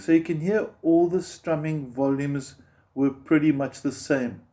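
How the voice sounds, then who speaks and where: A patient male guitar teacher with a slightly high, mellow voice, walking beginners through each step and counting beats aloud. Faint guitar strumming sits underneath his speech. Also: fairly even intonation, unhurried.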